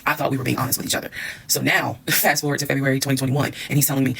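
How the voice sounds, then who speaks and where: Rapid-fire woman telling a story. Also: a bass voice, flat delivery, gravelly, fairly bright tone, husky, rough recording. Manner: candid and blunt, swears, acts out quotes. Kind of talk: storytime monologue.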